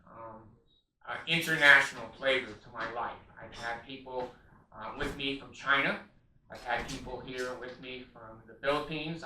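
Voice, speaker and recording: A man's voice: medium pitch, sharp tone, echoey room, distant mic, a little hiss or hum, poor audio. An older man in a rambling, emotional monologue from his living room, blunt and profane, with frequent ums and restarts. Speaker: video blogger appealing for donations. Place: his home, a living room with vaulted ceilings.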